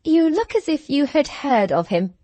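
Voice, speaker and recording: A woman's voice: high-pitched, very animated, normal speed, dark tone, no echo, pitched above the performer's own voice. A woman voicing a hard, bitter young schoolgirl who talks with satirical scorn in an audiobook. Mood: scornful. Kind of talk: audiobook character reading.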